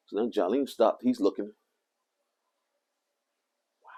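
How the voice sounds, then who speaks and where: A man with a low, husky voice tells a rambling personal story for his vlog. His delivery is animated, and his pitch leaps around as he swings from loud to hushed. There is a gravelly edge throughout. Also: a little slow, pauses often. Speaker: vlogger.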